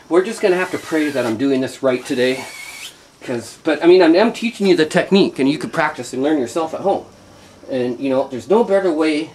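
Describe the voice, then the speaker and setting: A man with a mid-range voice hosts a how-to show from an indoor workshop, demonstrating things by hand. He rambles, jokes and puts himself down casually, and there's a little hiss or hum on the audio.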